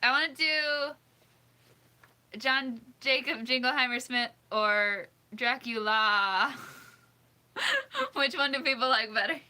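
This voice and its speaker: Hosting a casual livestream, a woman reads out suggestions in a high, very animated, pushed and bright voice. She takes it slowly with frequent pauses, giggling often and thinking aloud as she second-guesses how to pronounce things.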